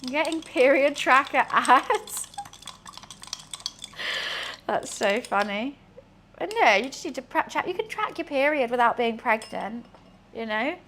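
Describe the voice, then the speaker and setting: Slow-talking woman, chatty cook. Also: on the high side, animated, fairly bright tone, a little hiss or hum. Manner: chatty, swears casually, talks to herself. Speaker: streamer. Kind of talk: casual cooking livestream chat.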